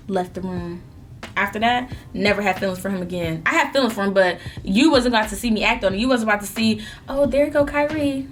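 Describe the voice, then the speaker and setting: A young woman vlogger telling a story in an animated, melodramatic way while eating, in a casual storytime chat. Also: mid-range voice, fast talker, a little hiss or hum.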